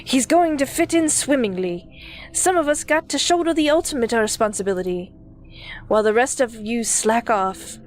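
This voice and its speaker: A woman's voice: on the high side, moderate pace, a little hiss or hum, lightly acted. A woman voicing a pompous elderly man with a British accent who claims to be God. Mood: haughty. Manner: smug, self-important, condescending.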